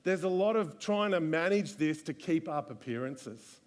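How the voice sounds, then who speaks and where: A man's voice: fairly high pitch, lively intonation, moderate pace. A man preaching a live church sermon, earnest and full of rhetorical questions. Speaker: pastor. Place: church service.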